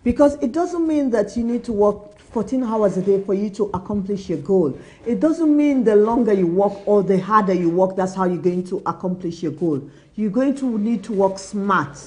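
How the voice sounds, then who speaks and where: A woman's voice: mid-range voice, expressive, normal speed, mellow. A young woman hosting a motivational business talk, earnest and repetitive, acting out little dialogues as she advises. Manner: earnest, repetitive advice, acts out quoted dialogue. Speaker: business talk show host.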